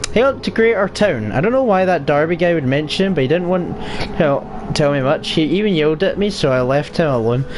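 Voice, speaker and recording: A man's voice: fairly high pitch, darkish tone, slight background noise, lightly acted. A man reading as a young girl writing a diary.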